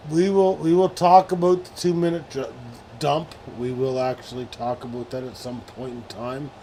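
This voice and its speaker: A man's voice: medium pitch, fairly even intonation, normal speed, mellow, slight background noise. A man hosting a late-night live stream, rambling and swearing as he heaps mock sports praise on a teammate. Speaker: streamer host. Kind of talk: casual live-stream chat.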